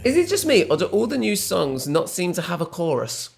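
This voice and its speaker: A man's voice: high-pitched, very animated, fairly quick, vocal fry. A man co-hosting a movie reaction video in casual chat, joking around, humming tunes and putting on silly voices. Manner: playful, jokey, does silly voices and hums tunes.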